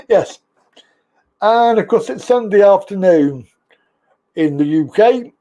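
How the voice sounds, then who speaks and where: A man hosting a live stream, easygoing and talkative. His voice sits high for a man, and he takes his time, drawling through greetings and chat comments with frequent chuckles. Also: expressive, slow, dark tone, dull audio. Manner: chatty, reads viewer comments aloud, laughs often. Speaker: live-stream talk show host.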